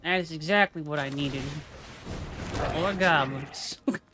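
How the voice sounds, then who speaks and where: A man's voice: a little high, measured pace, music in the background. A man giving casual, joking commentary to himself while streaming a card game. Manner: playful, jokey, talks to himself and the game.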